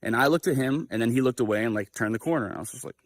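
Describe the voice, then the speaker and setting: A young man hosting a livestream, telling a personal story in a casual, animated way with lots of swearing and fillers. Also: mid-range voice, very fast, no echo, clean studio sound. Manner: animated, profane, filler-heavy. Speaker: livestream host.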